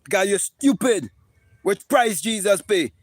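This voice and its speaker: A man delivers an impassioned live-stream monologue as a spiritual teacher. His voice sits high, and he hammers points home, swears freely and stumbles over repeated words. The sound is close and dry, with no room echo. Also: animated, a little slow. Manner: emphatic, preachy and profane, with repeated words.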